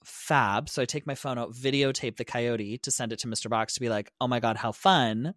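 A man's voice: mid-range voice, fairly quick, no room sound, clean studio sound. A young man co-hosting a podcast, telling a story in casual chat, swearing freely and acting out the lines of the people in it. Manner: animated, swearing, acts out quotes. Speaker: podcast co-host.

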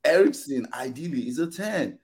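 A man speaks at a moderate pace with a fairly high pitch as part of a casual podcast panel chat. His rant is animated and exasperated, full of quoted back-and-forth as he plays both sides of arguments.

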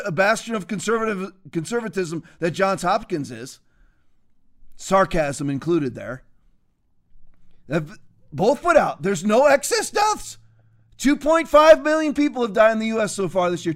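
A man's voice: high voice, a bit bright. A man hosting a heated political commentary, ranting emphatically and sarcastically while quoting Bible verses. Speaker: host.

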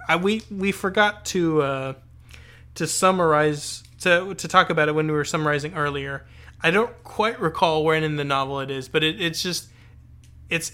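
A man with a slightly high, bright, forceful voice chats casually about a book. His talk is thoughtful but rambling, with lots of restarts and searching for words as he works through his points. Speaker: podcast co-host.

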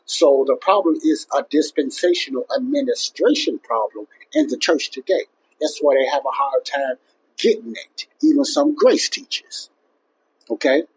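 A man's voice: on the high side, sing-song, moderate pace, slightly rough, low-quality recording. A man teaching the Bible in an informal, emphatic way, often repeating himself and restarting his phrases. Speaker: Bible teacher and podcast host.

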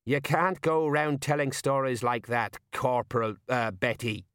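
A man's voice: mid-range voice, level tone, normal speed, fairly bright tone, clear, resonant tone, no room sound, studio quality, lightly acted. A man voicing a flustered, bumbling middle-aged watch sergeant who blusters and hesitates.

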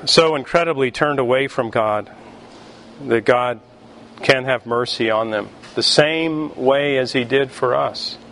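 A male pastor preaching a sermon, emphatic and deliberate, with pauses between phrases. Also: mid-range voice, a bit bright, a little hiss or hum.

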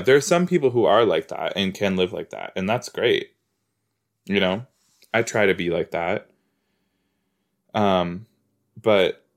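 A man hosting a podcast, casually reacting while he watches a TV episode. He rambles, fills his talk with "like" and "you know", and repeats his exclamations. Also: lowish voice. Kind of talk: casual watch-along chat.

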